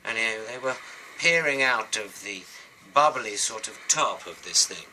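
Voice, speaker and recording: A man's voice: lowish voice, animated, unhurried, bright, forceful tone, a little hiss or hum, rough recording. A British man telling a children's story while he draws and colours, with rambling, chatty asides.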